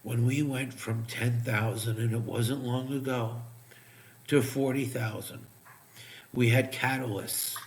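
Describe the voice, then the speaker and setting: Profane ranting man, voice going hoarse. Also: medium pitch, fairly even intonation, slow, slight background noise. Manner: mutters asides while checking charts. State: losing his voice. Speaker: crypto trading streamer. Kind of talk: live trading commentary.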